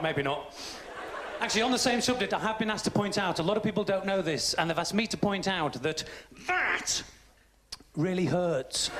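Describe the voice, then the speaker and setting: A man's voice: high voice, very noisy. A British man doing a crude, cheeky stand-up set in a theatre, acting out voices. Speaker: stand-up comedian. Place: large theatre stage. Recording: roomy live theatre recording. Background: audience laughing.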